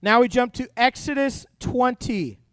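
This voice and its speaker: A young adult man preaching a youth sermon, animated and jokey, acting out quoted voices. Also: extremely high pitch, unhurried, clean tone, no echo. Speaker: youth pastor. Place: church youth room.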